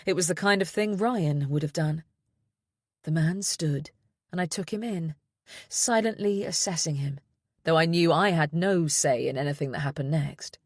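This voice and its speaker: A woman reading a first-person thriller audiobook in a measured, steady way. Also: sits low, dry recording, clean studio sound. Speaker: audiobook narrator.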